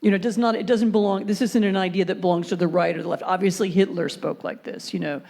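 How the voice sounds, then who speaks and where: A woman's voice: medium pitch, fairly even intonation, fast, vocal fry, dark tone. A woman speaking on a conference panel, thoughtful and hesitant at first, then building a fluent argument. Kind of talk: panel discussion.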